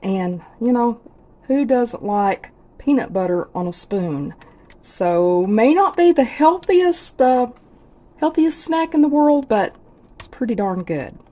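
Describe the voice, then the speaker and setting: A woman's voice: on the high side, lively intonation, slow, dark tone. A middle-aged woman, chatting in a folksy way as she cooks and tastes food for her vlog. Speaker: home cook vlogger. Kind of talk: casual cooking vlog.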